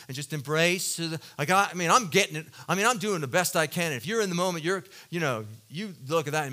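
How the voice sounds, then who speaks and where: A man preaching a sermon as a pastor, telling a personal story in an earnest, confessional way and swinging between loud emphatic bursts and soft low passages. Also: fast talker, hardly any pauses.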